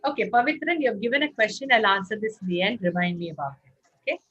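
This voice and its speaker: A woman's voice: mid-range voice, very fast, slightly rough. A woman leading an interactive online workshop, coaxing participants to answer in the chat. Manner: animated, coaxing participants to respond. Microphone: video call. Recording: muffled lo-fi video call audio.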